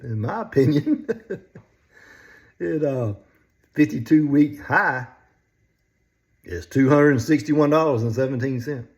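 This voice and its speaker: An older man chatting casually about stocks as a vlogger, folksy and chuckling often between phrases. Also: mid-range voice. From North Carolina, US.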